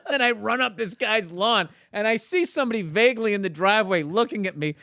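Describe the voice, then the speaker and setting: Man telling a wild story, higher pitch. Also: fairly quick. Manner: animated, laughing at his own story, swearing freely. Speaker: podcast guest. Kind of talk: storytelling in casual chat.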